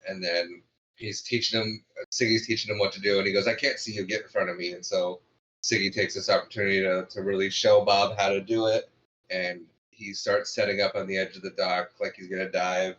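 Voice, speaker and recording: A man's voice: lowish voice, fairly even intonation, fairly quick, a bit bright, dull audio. A man co-hosting a podcast, casually recapping a comedy film's plot and chuckling often. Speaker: podcast co-host. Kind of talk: casual movie review chat.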